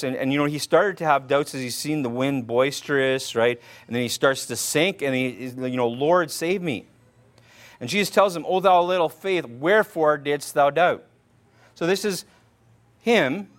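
A man preaching a conversational sermon, quoting old-style scripture and often checking in with "right?" as he talks. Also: medium pitch. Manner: informal, repeats "right?" often, restarts words; quotes King James scripture aloud. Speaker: pastor.

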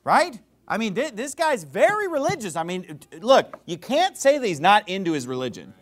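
Guy preaching a sermon, high voice, real animated and sarcastic, talks super casual. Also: normal speed. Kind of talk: sermon, reading and explaining scripture.

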